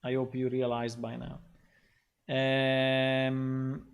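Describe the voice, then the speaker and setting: Slow-talking man thinking aloud. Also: mid-range voice, monotone, gravelly. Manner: rambling and thinking aloud, many ums and restarts. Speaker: game developer streaming his work. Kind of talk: casual livestream talk while working.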